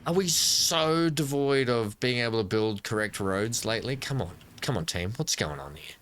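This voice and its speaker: A man with an Australian accent talks through a building game in loose, rambling commentary. His voice is bright and forward, at a middle pitch for a man. He jokes and answers his own questions as he goes. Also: lively intonation, moderate pace. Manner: rambling, playful, talks to himself. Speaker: gaming channel host. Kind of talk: casual gameplay commentary.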